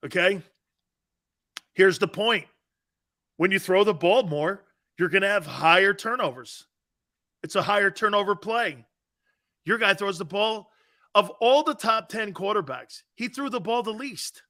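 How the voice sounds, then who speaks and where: Male sports radio host, high and bright-toned, brash and argumentative, slangy banter. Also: measured pace, long pauses. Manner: brash and emphatic, slangy with frequent "man" and "dude"; argumentative, laughing off callers' views.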